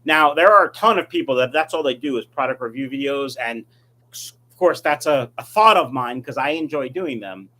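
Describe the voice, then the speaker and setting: A man's voice: medium pitch, animated, brisk, pushed and bright. A middle-aged man chatting casually on a live stream, reading viewer comments and rambling through his answers. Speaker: fish-breeding YouTuber answering live chat.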